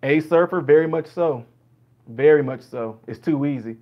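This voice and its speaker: A man's voice: fairly high pitch, normal speed. A man with a Jamaican accent, chatting casually with livestream viewers and answering them by name, on dull lo-fi stream audio. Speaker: livestream host.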